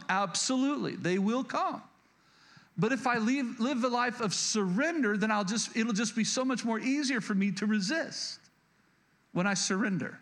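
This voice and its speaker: A man with a fairly high voice preaching a sermon to his congregation. He stumbles and restarts often, repeats his key phrases, and keeps calling out to everyone in the room. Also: fairly bright tone. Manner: repetitive, stammering restarts, addresses congregation directly. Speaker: pastor.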